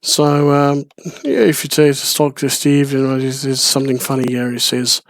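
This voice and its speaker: A man's voice: medium pitch, steady tone, normal speed, no echo, studio quality. A man giving playful, rambling commentary on a video game, with frequent chuckles. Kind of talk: let's play commentary.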